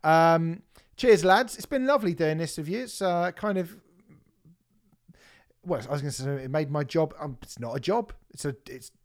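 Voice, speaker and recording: A man's voice: a little high, lively intonation, moderate pace. A man with an English accent hosting a podcast in casual, rambling chat, laughing often and teasing himself. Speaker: podcast host.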